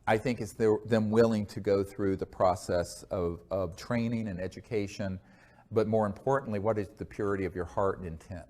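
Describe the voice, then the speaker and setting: Low-voiced man lecturing earnestly. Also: steady tone, darkish tone. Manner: earnest, unhurried, many fillers and restarts. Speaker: speaker answering audience questions. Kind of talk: lecture and Q&A talk.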